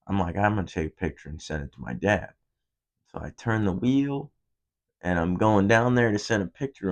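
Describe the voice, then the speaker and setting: A man's voice: on the low side, vocal fry. A young man hosting a podcast, telling a rambling, profane story in a casual monologue. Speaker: podcast host.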